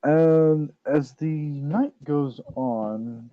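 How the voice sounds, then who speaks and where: A man narrating as game master of a tabletop game, in a relaxed, meandering way. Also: fairly high pitch, drawn-out words, dry recording, narrow, tinny audio.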